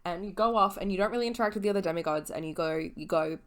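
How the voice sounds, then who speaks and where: A woman's voice: medium pitch, racing, fairly bright tone. A young woman in her twenties, a little tipsy, giving a casual, rambling book recap as a vlogger, swearing and correcting her own slips.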